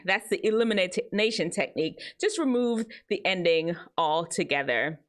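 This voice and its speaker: Woman host, teen advice talk, very expressive swoopy pitch, chatty. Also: moderate pace, hardly any pauses. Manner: animated, chatty, jumps between high and low tones. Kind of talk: casual advice talk to teens.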